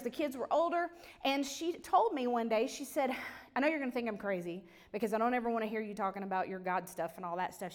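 A woman telling a personal faith story, acting out voices and dropping to a near whisper at tense moments. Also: fairly high pitch. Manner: animated, acts out quoted voices, trails to a near whisper. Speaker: speaker sharing a personal testimony.

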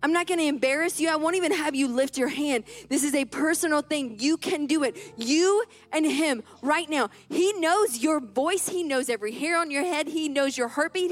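A woman's voice: sits high, moderate pace, hardly any pauses. A woman in her thirties preaching a storytelling sermon, emphatic and repeating key phrases as she builds to fervent appeals.

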